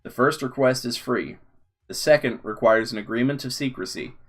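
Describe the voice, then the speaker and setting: A man's voice: mid-range voice, moderate pace, a bit bright, close to an everyday voice. A man voicing an old talking desert snake, dry and matter-of-fact with a joking streak. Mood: explaining. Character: ancient talking male desert snake, wry and calm.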